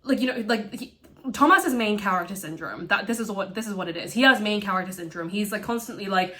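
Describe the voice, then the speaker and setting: A woman casually recapping a film, animated and swearing freely as she acts out the characters' lines. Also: mid-range voice, quick pace. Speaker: video essayist.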